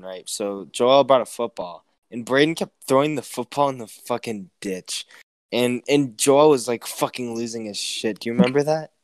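A man's voice: medium pitch, no echo. A young man co-hosting a casual podcast chat, telling stories animatedly, swearing often and acting out what people said. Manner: animated storyteller, swears a lot, quotes people in raised voices. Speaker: podcast co-host.

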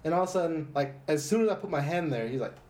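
A young man in casual conversation, his voice jumping around lively as he tells a story. He swears freely and acts out what people said, and his voice sits slightly high. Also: rapid-fire, background noise. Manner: animated, profane storytelling. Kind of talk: casual chat.

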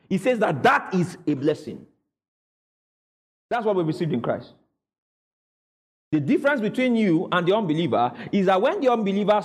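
Man preaching in church, high voice, very animated, call-and-response. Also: in a large hall. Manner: call-and-response preaching, asks the congregation to repeat. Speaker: pastor. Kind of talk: sermon.

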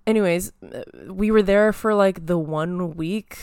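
A woman's voice: medium pitch, unhurried, darkish tone, smooth, no room sound, clean studio sound. A young woman hosting a solo podcast from her apartment, chatting casually and rambling with lots of fillers. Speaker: podcast host.

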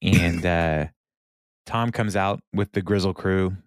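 A man's voice: deep voice, fairly even intonation, slow, no room sound, clean studio sound. A man co-hosting a podcast, recapping a TV episode in loose, rambling casual chat full of fillers and laughs.

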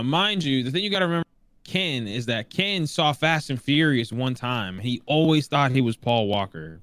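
A man casually telling a story, animated and jumping into different voices for the people in it. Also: mid-range voice, smooth, no echo. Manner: animated, acts out voices in quotes.

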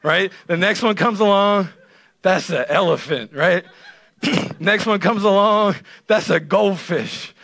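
A male pastor preaches in a loose, conversational way, often tossing "right?" back at the congregation. His voice sits a little high for a man. He keeps the delivery animated and lively. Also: slow. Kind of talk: sermon.

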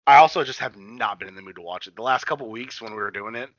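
A man co-hosting a podcast, chatting casually, excitable and joking, swearing a lot and calling his friend buddy. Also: medium pitch, quick pace, no echo. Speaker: podcast co-host. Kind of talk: casual chat. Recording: dry, dull lo-fi sound.

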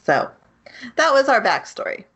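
A woman's voice: sits high, very animated, normal speed, fairly bright tone, breathy edge. A woman co-hosting a podcast, recapping an anime in casual chat, matter-of-fact with giggles. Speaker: podcast co-host.

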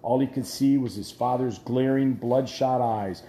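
A man narrating an audiobook in a measured storytelling voice that drops quiet at tense moments. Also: medium pitch, reverberant, slight background noise. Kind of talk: scripted narration.

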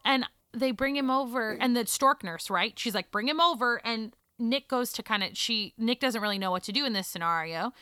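Woman, 30s, chatty storyteller, bright crisp voice, animated with quiet hushed moments. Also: on the high side, moderate pace, hardly any pauses, no room sound, studio quality. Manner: animated, drops to a hush for emotional moments. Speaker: guest telling her birth story. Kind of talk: casual storytelling chat.

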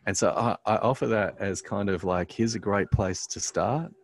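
A pastor, appearing as a guest in a relaxed conversation, tells a story while frequently pausing on "um" and starting his sentences over. His voice is fairly low and carries vocal fry.

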